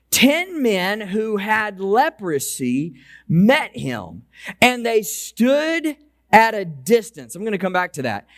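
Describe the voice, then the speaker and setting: A man with a high voice preaches a conversational sermon in a church. He stretches out and lowers key phrases for weight. The sound is dry and close, with little room echo. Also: a bit bright. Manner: slows and lowers voice for emphasis; conversational preaching with repeated restarts. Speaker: pastor. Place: church sanctuary.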